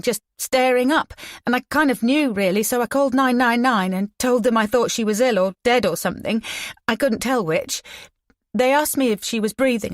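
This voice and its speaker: Woman doing a shaken young woman witness, higher and louder, anxious, rushed, teeth chattering, dry close audiobook sound. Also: no echo, close to an everyday voice.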